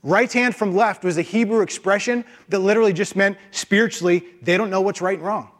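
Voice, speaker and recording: A man preaching a sermon with an animated, emphatic delivery and frequent rhetorical questions. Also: high voice, fairly quick. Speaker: pastor.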